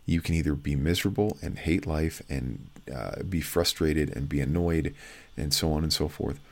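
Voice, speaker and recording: A man's voice: rumbling low, normal speed, gravelly. A man hosting his own podcast, talking plainly and casually with a wry, folksy manner. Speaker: podcast host. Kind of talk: casual solo podcast talk.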